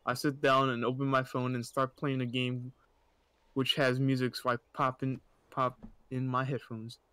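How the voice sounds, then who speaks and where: A man's voice: medium pitch, completely flat delivery, moderate pace, bright, forceful tone, clean tone, no room sound. A young man casually reading stories aloud, stumbling over words and often breaking into laughter and mocking asides.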